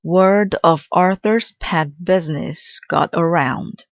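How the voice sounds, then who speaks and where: Slow, gentle woman reading a storybook. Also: on the low side, dry recording. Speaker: children's book reader. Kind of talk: storybook read-aloud. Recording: slightly dull dry recording.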